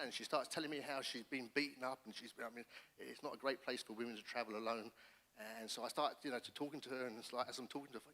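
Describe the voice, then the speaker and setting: A middle-aged man from England, a pastor telling his personal testimony in an animated storytelling manner, with frequent restarts. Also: medium pitch, racing. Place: church hall. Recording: reverberant church hall.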